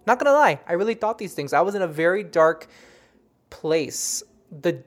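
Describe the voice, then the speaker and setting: A woman telling stories of her psychic readings in a casual, animated monologue, full of fillers and restarts. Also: fairly low pitch, normal speed. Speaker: psychic medium recounting readings.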